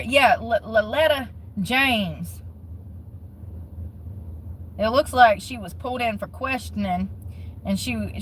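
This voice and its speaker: A woman's voice: fairly high pitch, bright, forceful tone, slight background noise, rough recording. A woman giving casual commentary on the news in a blunt, profane, mocking way. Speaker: commentary vlogger.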